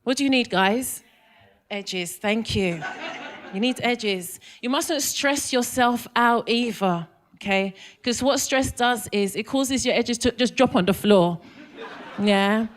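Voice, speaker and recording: A woman's voice: fairly high pitch, slow pace. A woman in her thirties with a London accent, doing a stand-up comedy set and teasing the crowd with questions. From England. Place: comedy club stage.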